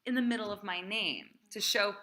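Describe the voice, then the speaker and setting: A woman cantor teaching a class, speaking in a lively, emphatic way and chanting the names of the marks. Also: mid-range voice, normal speed, slight background noise. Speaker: cantor teaching Torah reading.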